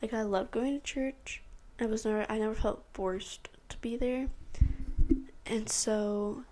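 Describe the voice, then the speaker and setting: A woman's voice: on the high side, fairly even intonation, measured pace, darkish tone. A teenage girl from Texas hosting a podcast, giving a rambling personal testimony and acting out what people said to her. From Texas, USA. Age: teens. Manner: rambling storytelling, acting out her own and others' lines. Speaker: podcast host.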